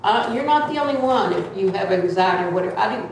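A woman giving a loud, earnest, plain-spoken sermon-style talk in a church. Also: medium pitch, lively intonation, fast talker, a little hiss or hum. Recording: echoey room from far off.

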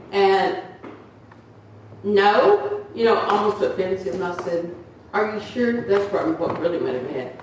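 A woman's voice: on the low side, a little slow, long pauses, a little mellow. Older woman, echoey church testimony. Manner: earnest, rambling, acts out quoted voices. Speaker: church member giving a testimony. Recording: very echoey room, from far off, faint noise.

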